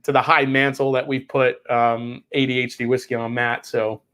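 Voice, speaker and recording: Hosting a whiskey livestream, this man talks at a moderate pace in a level, medium-pitched voice with a fairly bright tone. His casual chat wanders and restarts, laced with free swearing while he reads the chat.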